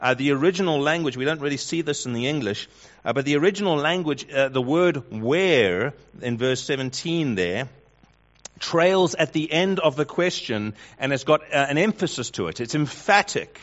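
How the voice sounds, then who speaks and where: A man preaching a sermon, building through rhetorical questions and swinging between loud emphasis and hushed lines. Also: fairly high pitch, expressive, normal speed. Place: church hall with congregation. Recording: dull lo-fi sound.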